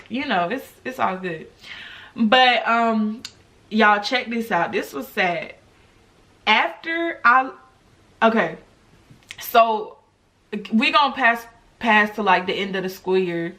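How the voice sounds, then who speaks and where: A young woman from the United States telling a personal story on her vlog, talking to viewers in an animated, chatty way. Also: medium pitch. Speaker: vlogger.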